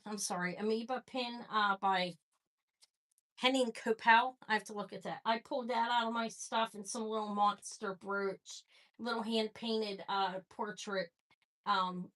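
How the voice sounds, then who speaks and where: A woman's voice: on the high side, sharp tone. A woman hosting a live jewelry sale stream, chatting casually and rambling as she greets viewers by name.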